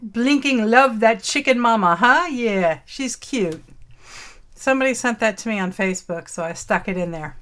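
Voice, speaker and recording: A woman's voice: fairly high pitch, normal speed, fairly bright tone. A woman hosting a casual craft live stream, greeting chat viewers with affectionate pet names and folksy, old-fashioned exclamations.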